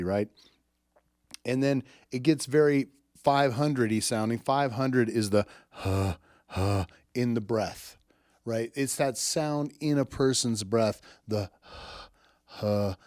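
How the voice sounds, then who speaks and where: An audio engineer gives a casual spoken lesson on microphone technique, blunt and emphatic, swearing freely and often checking in with "right?". His medium-pitched voice is a little mellow, recorded at studio quality through a studio microphone with a tube preamp, with no room sound.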